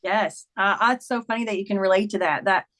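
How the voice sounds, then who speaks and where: Her mid-range voice moves quickly and has a bit of brightness. She's a memoir writer in her fifties, a guest in a candid interview, earnestly recounting her life and voicing the words other people said.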